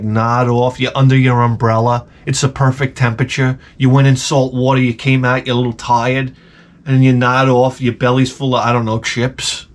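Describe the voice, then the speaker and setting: A middle-aged man vlogging, telling a casual, rambling, self-mocking story and swearing freely. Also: mid-range voice.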